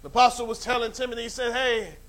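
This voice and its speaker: High-voiced New York pastor preaching a sermon. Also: male voice, fairly quick. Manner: rises from low conversational asides to loud fervent exhortation; repeats phrases and stumbles with fillers.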